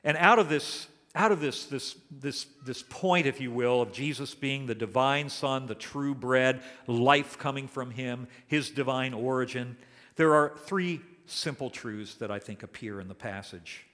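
A man's voice: mid-range voice, fairly bright tone. Older male pastor preaching in a reverberant hall. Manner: earnest, emphatic, slows down to stress key words. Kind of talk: sermon.

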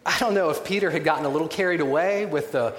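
A man preaching a sermon in a conversational, animated way, with wry humorous asides. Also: a little high, fast talker. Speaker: pastor. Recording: echoey hall with long reverb.

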